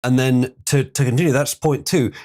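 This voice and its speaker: A man's voice: medium pitch, fairly even intonation, moderate pace, a little mellow. A man hosting a live stream, chatting casually and reading viewer comments, rambling and opinionated with frequent ums. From Britain.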